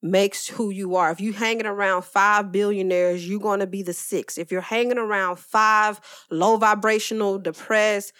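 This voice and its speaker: A woman co-hosting a casual chat, talking in a relaxed, loose way and giving advice. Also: mid-range voice, normal speed, few pauses, clear, resonant tone.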